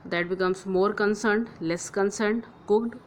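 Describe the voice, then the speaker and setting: A woman teacher giving a grammar lesson, spelling letters out slowly and often checking in with "clear?" and "okay". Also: mid-range voice, fairly even intonation, a little hiss or hum, rough recording.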